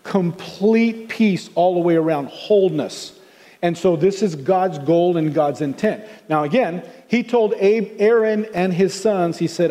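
Southern American preacher with a mellow voice. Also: male voice, sits high, a little slow, in a large hall. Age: older. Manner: conversational, earnest, with many restarts. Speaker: pastor. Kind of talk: sermon.

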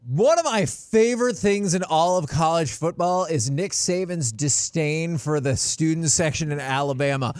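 A man co-hosting a sports radio show in a studio, chatty and quick to laugh and jump in. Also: a little high, no room sound. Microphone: studio microphone.

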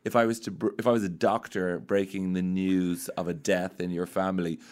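Irish man, low dry voice. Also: flat delivery, brisk, darkish tone. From Ireland. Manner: dry self-deprecating storytelling. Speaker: comedian guest. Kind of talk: casual comedic chat.

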